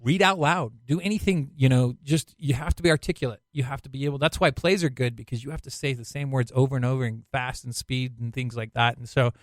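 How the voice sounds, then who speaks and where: A man speaking as a casting director guest, giving advice in quick, animated bursts. He talks in a mid-pitched voice and acts out the people he quotes. The sound is close and dry. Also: no room sound. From Utah. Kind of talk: conversational advice.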